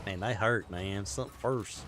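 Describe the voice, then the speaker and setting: A man's voice: fairly low pitch, normal speed, over music. A man streaming a game, joking through casual play-by-play commentary. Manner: joking, animated play-by-play with put-on quotes.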